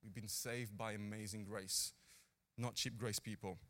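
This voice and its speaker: A man preaching a sermon with earnest, animated delivery, acting out the people in his stories. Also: lowish voice, a little slow.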